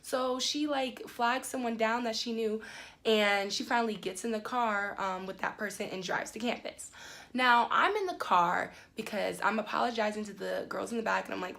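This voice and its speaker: A young woman vlogger telling a story in a casual, animated way, full of fillers, her voice climbing high when she gets indignant. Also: normal speed, creaky. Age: young adult.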